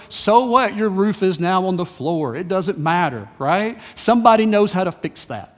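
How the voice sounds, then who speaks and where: A man's voice: high-pitched, expressive, normal speed, hardly any pauses. A man, preaching a sermon as a pastor in a conversational, emphatic way with rhetorical questions. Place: church sanctuary. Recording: long reverb in a church hall.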